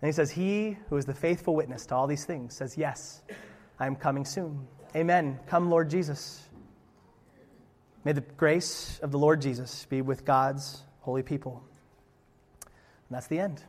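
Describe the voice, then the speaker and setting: A pastor delivers a sermon with a bright, high-pitched voice, moving from scripture reading into loose, playful asides. His voice carries a long reverb, as if from a large church hall. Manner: lively, conversational preaching with playful asides.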